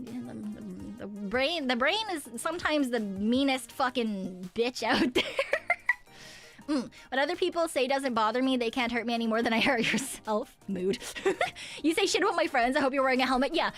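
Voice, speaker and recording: A woman streamer chatting casually with her viewers, rambling, candid and quick to swear and laugh. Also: on the high side, a bit bright. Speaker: VTuber streamer. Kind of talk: casual livestream chat.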